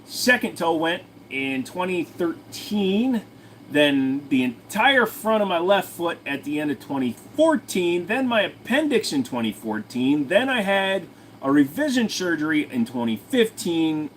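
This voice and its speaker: A man's voice: on the high side, very animated, unhurried, a bit bright, a little hiss or hum. A man hosting his own channel, answering viewer questions in a rambling, crude, joking way. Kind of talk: casual livestream Q&A chat.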